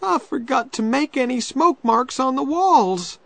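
A man's voice: very high-pitched, expressive, unhurried, gravelly, a bit bright, no echo, voice pushed up, full character voice. A man voicing a young boy who leads a girl through a cave, urgent and reassuring, in a storybook reading.

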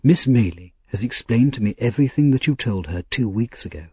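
Earnest old gentleman, read by a male narrator. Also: medium pitch, lively intonation, slightly rough, dry recording. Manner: earnest and measured. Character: anxious, kindly old gentleman. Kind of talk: audiobook character reading.

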